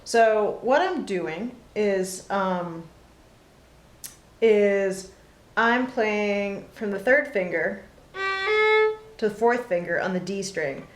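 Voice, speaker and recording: A woman teaching a casual fiddle lesson, relaxed and chatty with many pauses and fillers between playing. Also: mid-range voice, soft background music. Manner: relaxed, lots of ums, talks between demonstrations. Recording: roomy with loud fiddle playing.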